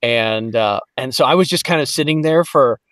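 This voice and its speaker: A man from Detroit, a voice actor guest on a podcast, telling lively stories in casual chat and slipping into quick voices. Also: medium pitch, no echo, clean studio sound. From Detroit, Michigan. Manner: animated storyteller, slips into quick voices.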